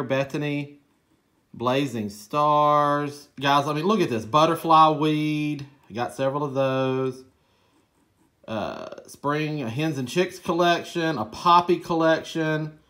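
A man with a Southern US accent, hosting a gardening channel and chatting excitedly through an unboxing. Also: on the high side. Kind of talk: casual vlog unboxing.

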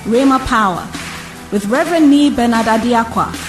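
A woman announcer reading a scripted radio broadcast intro in a smooth, polished delivery. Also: on the high side, normal speed. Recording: distant voice over music.

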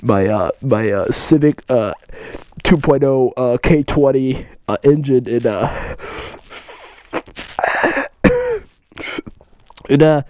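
A man putting on the voice of a laid-back car guy obsessed with vaping, drawling with lots of slow pauses. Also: mid-range voice, wildly swooping pitch, dark tone, no room sound, pitched below the performer's own voice.

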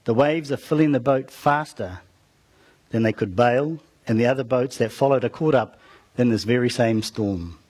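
A man preaching, retelling a Bible story with dramatic rises and soft, trailing ends, turning to the listeners with asides. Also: mid-range voice, normal speed. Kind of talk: storytelling sermon.

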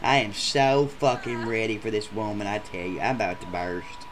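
A man's voice: on the low side, steady tone, normal speed, a little hiss or hum, close to an everyday voice. A man voicing a crude, rowdy adult male gameshow contestant who rambles through a profane story in a comedic machinima. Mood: ranting.

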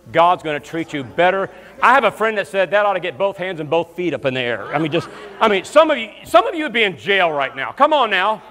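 A guest minister from Alabama in the US South delivers a lively, comedic sermon in a church sanctuary, telling funny stories and bursting into loud shouts of praise. His voice is fairly high, and the recording has a long church-hall reverb.

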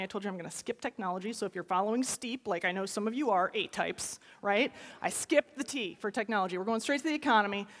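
A woman giving an animated conference keynote, often turning to the audience with a quick "right?". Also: a little high. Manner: lively, animated, talks to the audience with frequent "right?". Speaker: keynote speaker. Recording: long reverb of a large hall.

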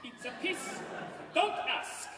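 An excitable tenor lover, dramatic and quick to cry out, as a man plays him on stage. His voice sits low and carries. It is recorded from far off in a big, echoing concert hall. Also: noisy background, close to an everyday voice. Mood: flustered. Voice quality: theatrical, exclamatory, mixes Italian words into his speech. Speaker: opera singer in a staged comedy. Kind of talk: live stage acting. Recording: roomy hall heard from far off.

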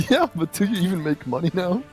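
Casting: slightly high-voiced male gamer, teasing and cursing, faint music under him. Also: lively intonation, moderate pace. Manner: laughing, swearing, teasing. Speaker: fellow player. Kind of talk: casual gameplay chat.

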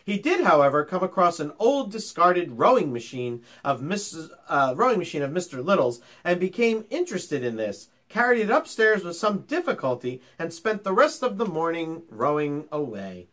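Animated man reading a storybook to kids. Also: fairly high pitch, normal speed, few pauses. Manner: animated, talks to children directly. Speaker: teacher. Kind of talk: reading a children's book aloud.

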